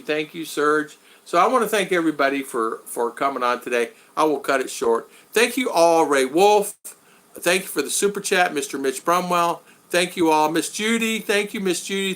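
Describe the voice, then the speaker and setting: A man hosting a casual live stream, rambling and thanking his viewers one by one, his voice going hoarse after hours of talking. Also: fairly high pitch, bright, forceful tone.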